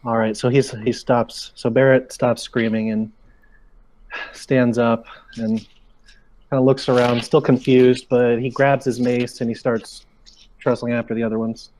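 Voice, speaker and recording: A man's voice: medium pitch, little pitch movement, measured pace, a little mellow, low-quality recording. Matter-of-fact man describing his character. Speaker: player.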